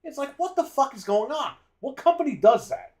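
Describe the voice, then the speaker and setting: A man's voice: extremely high pitch, very animated, normal speed, darkish tone. A man co-hosting a gaming podcast, ranting in a heated, profane way. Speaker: podcast co-host. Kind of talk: casual gaming podcast rant.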